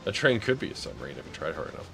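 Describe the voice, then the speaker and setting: A man's voice: a bass voice, big pitch swings, racing, vocal fry, a bit bright, slightly rough. A tired man streaming a railroad game, chatting casually with dry jokes and rambling asides. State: tired, yawning. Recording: faint background music.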